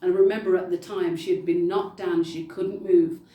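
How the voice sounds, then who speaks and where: A woman's voice: on the low side, steady tone, moderate pace, warm tone. A woman preaching a testimony sermon, telling her story with emphatic repetition. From United Kingdom. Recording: roomy echo, distant mic.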